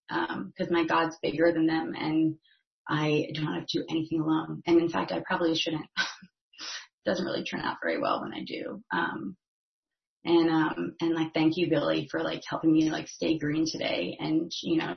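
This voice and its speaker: A woman's voice: low voice, flat delivery, moderate pace, creaky. A woman giving a personal testimony at a recovery meeting, talking casually with many fillers. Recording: echoey, slightly dull recording.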